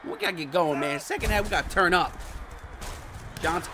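A man doing casual, slangy commentary over a football video game, muttering low one moment and shouting with excitement the next. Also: moderate pace, creaky, long pauses, slight background noise. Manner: casual slangy trash talk. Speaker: gaming channel host. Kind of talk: live gameplay commentary.

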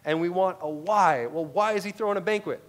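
A man's voice: sits high, brisk. A man with an American accent preaching a sermon to a congregation, telling stories and asking repeated rhetorical questions. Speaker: pastor.

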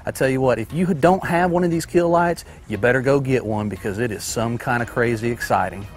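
A bowhunter man looks back on his hunt in an enthusiastic, folksy way. He talks at a middle pitch, with plain, easy phrasing. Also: brisk, faint music behind. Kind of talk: recap interview.

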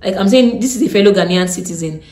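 Fast-talking Nigerian woman telling a story. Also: mid-range voice. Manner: animated, blunt, Pidgin-laced storytelling. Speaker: vlogger. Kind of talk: casual storytime. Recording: echoey room.

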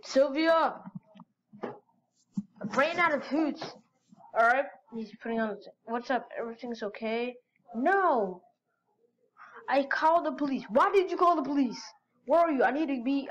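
High-voiced excitable woman reading chat stories. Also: muffled recording, a little hiss or hum. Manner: excitable, gasping reactions. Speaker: channel host.

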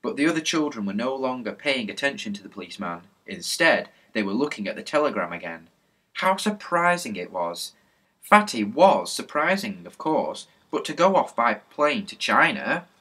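A man reading a children's storybook aloud, lively and expressive. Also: medium pitch, moderate pace. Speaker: narrator reading a children's book.

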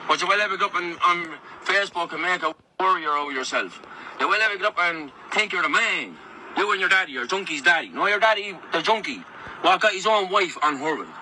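A man's voice: sits high, bright, forceful tone, slight background noise, poor audio. A man in an angry, repetitive rant, taunting and insulting someone and challenging him to fight.

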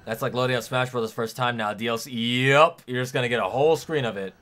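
A man's voice: mid-range voice, fast talker, fairly bright tone, soft background music. A man streaming a video game and reacting with casual, joking commentary, sometimes swearing.

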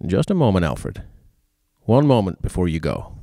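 Stern older shopkeeper, soft and controlled, low-voiced, read by a man. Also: normal speed, smooth, dry recording, studio quality, close to an everyday voice. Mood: quiet, controlled. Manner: soft, quiet, then blunt and accusing. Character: stern older male drugstore owner.

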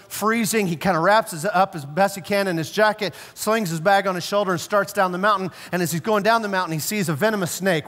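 A male pastor delivers a sermon in a fairly high voice, telling stories with emphasis and slowing down and dropping low for key words. His voice carries through the long reverb of a church sanctuary. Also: a bit bright. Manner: storytelling, emphatic, slows and drops low for stress.

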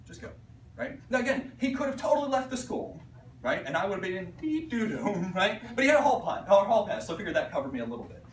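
A man from Pittsburgh, an art teacher giving an animated conference talk to fellow teachers, acting out voices and checking in with "right?" as he goes. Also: high-pitched, fast talker, a little hiss or hum. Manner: animated storyteller, acts out voices, frequent "right?". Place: conference room. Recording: echoey room recorded from a distance.

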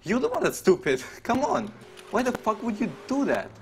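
A man streaming a role-play game, commenting excitedly, swearing and laughing as he plays at his computer. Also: extremely high pitch, normal speed, slight background noise.

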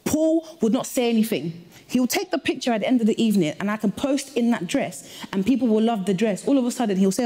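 A woman guest makes her case firmly in a couple's dispute. Her voice is mellow and dark-toned, and she lays out her points one by one in a defensive way. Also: a little high, lively intonation, fast talker, husky. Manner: firm, defensive, argues point by point. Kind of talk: casual debate.

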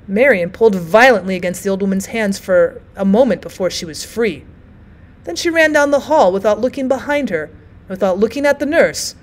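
A woman teacher reading a short story aloud in an expressive audiobook narration. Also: mid-range voice.

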